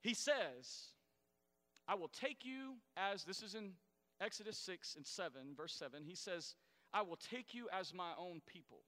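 A man preaching a sermon as pastor, swinging between loud emphatic lines and quiet asides to the congregation. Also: high voice, lively intonation, a little slow. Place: church sanctuary. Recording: echoey hall reverb.

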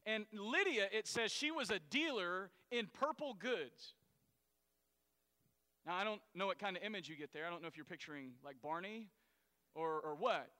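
Animated high-voiced male preacher in a hall. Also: normal speed. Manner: animated, acts out Bible characters with bursts of loud high voices. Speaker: pastor. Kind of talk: sermon.

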